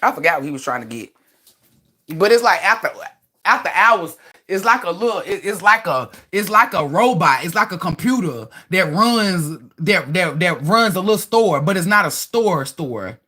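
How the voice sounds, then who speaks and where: A woman hosting a livestream, rambling through stories in a loud, profane, animated way with many restarts. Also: fairly low pitch, moderate pace. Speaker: livestream host. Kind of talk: casual livestream storytelling.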